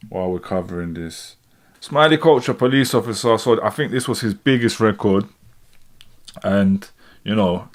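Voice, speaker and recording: A man hosting a livestream, reacting to records in a laid-back, slangy way. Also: lowish voice. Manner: laid-back, slangy, often adds "do you know what I'm saying". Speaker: host of a music reaction livestream. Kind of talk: casual live reaction commentary.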